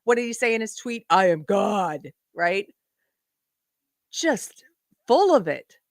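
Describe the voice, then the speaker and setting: A woman's voice: a little high, very animated, slow, dry recording, studio quality. A woman hosting a livestream, reacting to clips in an emphatic, incredulous and sarcastic way. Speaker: host.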